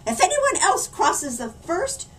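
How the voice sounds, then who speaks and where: A snappish, cackling old village woman from a storybook, as a woman reader puts her on. Her lines jump high and wide. The sound is distant with a faint hum behind. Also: very animated, unhurried, a bit bright, full character voice.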